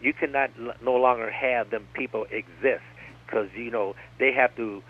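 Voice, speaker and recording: Casting: man, radio guest, rambling, digressive talker, call-in phone sound, mid-pitched voice. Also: fairly even intonation, moderate pace. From United States. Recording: tinny phone-line radio broadcast.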